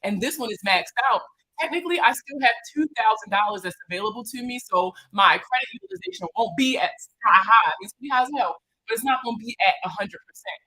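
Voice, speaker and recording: A credit repair consultant with a Baltimore accent fields viewer questions on a casual livestream, animated, slangy, and joking with her audience. Her voice is on the high side, she talks fast, and the recording is low quality.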